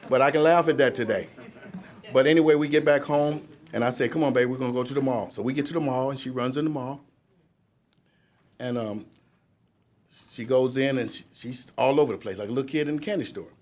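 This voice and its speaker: In a courtroom ceremony, a man in his fifties gives a chatty, wandering testimony about his recovery, often laughing at his own expense. He has a medium-pitched, darkish voice and a brisk delivery broken up by frequent pauses.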